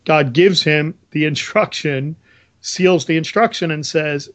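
A man's voice: on the high side, normal speed, a bit bright. A man co-hosting a Bible discussion, explaining verses earnestly and reading scripture aloud. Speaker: Bible study co-host.

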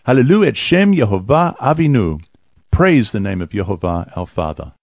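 An Australian man hosting a radio program, chatty and upbeat, with a husky voice. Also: fairly low pitch, sing-song, normal speed, a little mellow. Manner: upbeat, chatty, laughs easily. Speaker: radio show host. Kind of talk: casual radio talk.

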